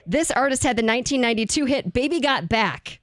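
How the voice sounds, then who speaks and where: A woman co-hosts on the radio. She chats in a casual way and reads the quiz questions evenly. Her voice sits a little high and sounds close and dry into a studio mic. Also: lively intonation, a little fast, no room sound. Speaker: radio co-host, game presenter. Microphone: studio microphone.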